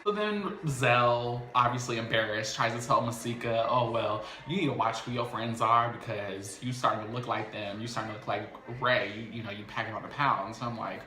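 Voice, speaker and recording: A man talks through a reality show episode in a gossipy, animated way, telling the story and quoting the people in it. His voice is bright and sits at a middle pitch. The room around him is noticeably echoey. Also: moderate pace, hardly any pauses. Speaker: reality TV recap host. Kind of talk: casual episode recap.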